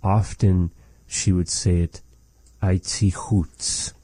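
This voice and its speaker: A man's voice: deep voice, little pitch movement, dark tone, no echo. A man teaching phrases of a language in a patient, repetitive lesson. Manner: slow, patient, repeats phrases for practice.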